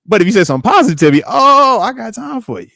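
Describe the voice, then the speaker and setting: A man's voice: very high voice, big pitch swings, quick pace, vocal fry, pushed and bright, no room sound, studio quality. A man hosting a podcast, chatting casually and acting out quotes in slangy banter. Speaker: podcast host, retired linebacker. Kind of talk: casual chat.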